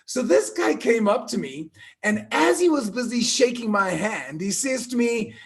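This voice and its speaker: A man in his fifties from South Africa hosts a live online event with playful energy. His voice sits high for a man and has a husky edge. He tells stories and keeps calling on the audience to join in. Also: a little slow. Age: 50s. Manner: playful, animated, storytelling, asks the audience to join in. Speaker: event host.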